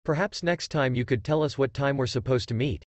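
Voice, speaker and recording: A man's voice: mid-range voice, brisk, no room sound, lightly acted. A man voicing an anxious young girl ninja in a fan story reading, worried and hesitant.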